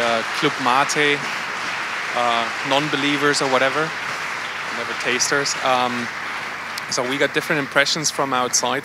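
A man's voice: medium pitch, heavy background noise. A man casually reporting his group's findings at a conference session, hesitant and full of fillers and restarts. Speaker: workshop participant reporting back.

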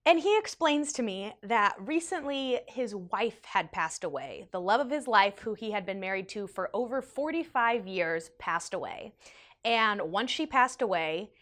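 A young woman vlogger telling a personal story in an animated, emotional way, with big swings in her voice. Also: medium pitch, unhurried. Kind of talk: storytime vlog.

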